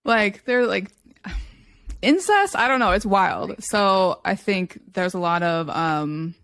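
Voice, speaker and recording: Chatty woman with a low, dry voice. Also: a little slow, clean tone, no echo. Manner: animated storytelling, acts out quoted people in a raised voice. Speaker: podcast co-host. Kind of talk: casual chat.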